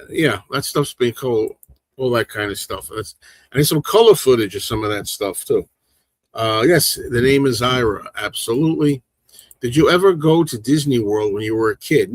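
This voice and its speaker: A man in his sixties hosts a casual livestream, talking quickly and passionately, often restarting his sentences. His voice sits at an ordinary middle pitch. The sound is dry and close, with no room echo. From big city in the northeastern US. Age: 60s. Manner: fast, passionate, rambling talk with many restarts. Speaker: livestream host. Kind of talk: casual chat with live chat.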